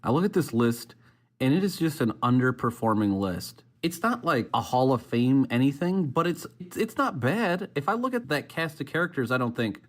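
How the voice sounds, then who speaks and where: A man's voice: mid-range voice, lively intonation, brisk. A man co-hosting a casual sports podcast, rambling with many restarts. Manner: rambling, self-interrupting, laughs along. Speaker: podcast co-host.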